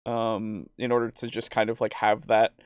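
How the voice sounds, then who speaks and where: A man's voice: fairly low pitch, completely flat delivery, moderate pace, clear, resonant tone, no echo, clean studio sound. A man co-hosting a tabletop gaming podcast, talking casually in a rambling way with frequent laughs. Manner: rambling, with fillers and restarts, laughs often. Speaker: podcast co-host. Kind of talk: casual chat.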